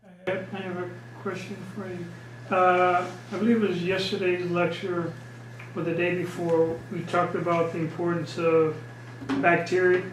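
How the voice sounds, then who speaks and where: High-voiced man asking in an echoey hall. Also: flat delivery, moderate pace. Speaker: audience member. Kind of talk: asking a question. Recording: echoey room with background noise.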